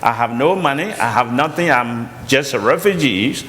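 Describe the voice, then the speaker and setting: A man with a Liberian accent telling his life story as a chapel guest, in an earnest voice that climbs high when he quotes others. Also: lively intonation, normal speed, fairly bright tone, in a large hall. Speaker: college founder and chapel guest. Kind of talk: storytelling testimony on stage.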